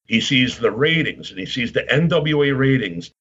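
A Baltimore, Maryland man in his fifties, husky-voiced with a middle-range pitch, rambles through anecdotes in casual podcast chat. His intonation is lively, his pace moderate and his tone a bit bright, and he acts out quoted voices. The audio is a little dull and lo-fi.

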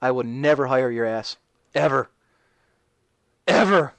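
A man's voice: medium pitch, lively intonation, measured pace, no echo, low-quality recording. A man hosting a casual talk radio show, reading and answering chat messages in a sarcastic, ranting way.

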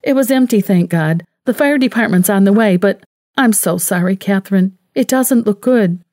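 A woman narrator voicing an urgent, sympathetic woman friend who sounds hurried and apologetic. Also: mid-range voice, a little mellow, no echo, studio quality, voice pushed up, natural voice.

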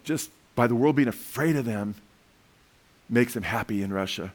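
A middle-aged man preaching about world events, talking in a rambling, animated way with frequent restarts. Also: mid-range voice, normal speed. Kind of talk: sermon with commentary.

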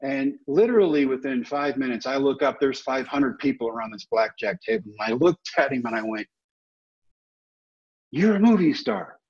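A man in his fifties, a former ballplayer, telling animated stories as a podcast guest and acting out the quotes. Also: mid-range voice, brisk, few pauses, slightly rough. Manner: animated anecdotes with acted-out quotes. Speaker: guest, former baseball player. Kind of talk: storytelling interview. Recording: dull lo-fi podcast audio.

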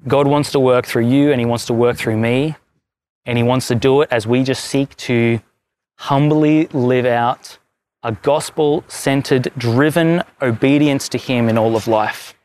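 A man's voice: medium pitch, fairly even intonation, a little slow, darkish tone. A pastor telling a story in a sermon, rambling and correcting himself as he goes. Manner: rambling, self-correcting storyteller with many restarts.

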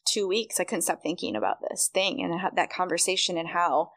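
A young woman with a fairly low voice tells her own story as a podcast guest, chatty and animated, acting out what people said to her. The recording is dry and close, with no room sound. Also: brisk, dry recording. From Michigan, USA. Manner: chatty, animated, acts out quoted dialogue. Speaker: podcast guest, running coach. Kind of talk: casual storytelling interview.

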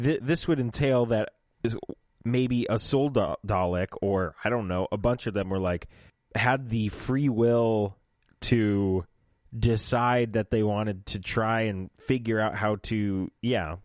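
A man co-hosting a casual podcast, recapping a show with lively asides and goofy voices for the characters. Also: on the low side, a little slow, no echo, studio quality. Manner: animated, slips into goofy voices when retelling scenes. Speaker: podcast co-host. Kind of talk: casual chat recapping an episode.

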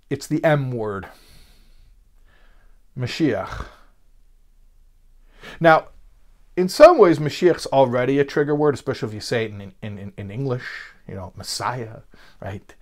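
Brief: male Torah teacher, relaxed talky lecture delivery, mid-pitched, loose and repetitive phrasing. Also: measured pace, pauses often. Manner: conversational, with many fillers and restarts. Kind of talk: spoken lecture.

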